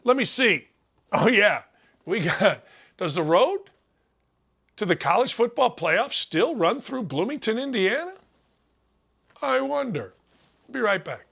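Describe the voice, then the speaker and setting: A middle-aged man hosting a sports talk show, loud and emphatic with folksy trash talk. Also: high-pitched, very animated, a little slow, vocal fry, pauses often, breathy edge.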